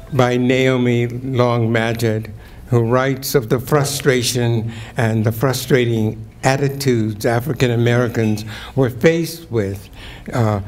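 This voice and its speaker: An older man reads poetry at a community gathering, taking his time with each line. His delivery is declamatory, rising to ringing emphasis on key words before settling back into unhurried talk. His voice sits at an ordinary male pitch. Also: darkish tone, slight background noise. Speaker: keynote speaker reading poetry. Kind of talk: dramatic poetry reading and lecture. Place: event hall at a community breakfast.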